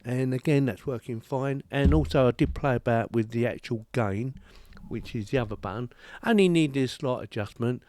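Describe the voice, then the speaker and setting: A British tech reviewer talks through a desk microphone on a boom arm at home, chatty, rambling, and poking fun at himself. He speaks at a moderate pace in a mellow, medium-pitched voice, with no room sound.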